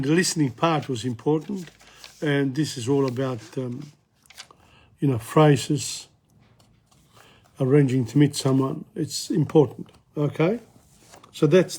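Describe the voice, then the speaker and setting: A man teaching a casual French lesson in English, repeating phrases and chatting as he goes, his voice going hoarse. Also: fairly high pitch, darkish tone. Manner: chatty, self-interrupting, repeats phrases slowly. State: losing his voice, coughing. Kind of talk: casual spoken language lesson.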